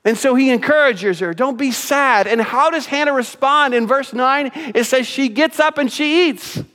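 High-voiced pastor preaching in a reverberant church. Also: male voice, moderate pace. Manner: swings from loud emphatic points to soft hushed asides, repeats phrases. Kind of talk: sermon. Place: church sanctuary. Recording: church sanctuary with long reverb.

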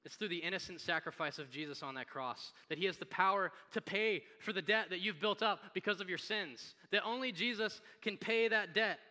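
A man, a pastor, preaching a sermon in a conversational, animated storytelling manner. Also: sits high, a little fast, few pauses. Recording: long hall reverb.

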